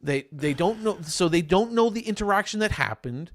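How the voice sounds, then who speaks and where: A man with a New York accent, co-hosting a casual podcast chat and telling a story with lively, acted-out quotes. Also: high-pitched, normal speed, no room sound, clean studio sound. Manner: animated storyteller, acts out quoted lines loudly. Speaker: podcast co-host. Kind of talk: casual chat over beers.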